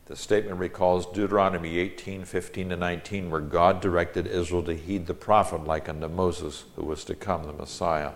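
A man preaching a Bible-teaching sermon, reading Scripture aloud with rising emphasis and explaining it. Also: sits low.

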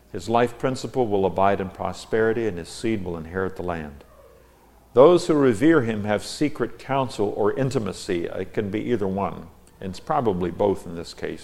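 A man with a somewhat low voice leads a Bible study. He reads each verse aloud in a measured way, pausing on key words, then stops to explain the Hebrew behind it. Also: gravelly, darkish tone. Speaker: Bible teacher.

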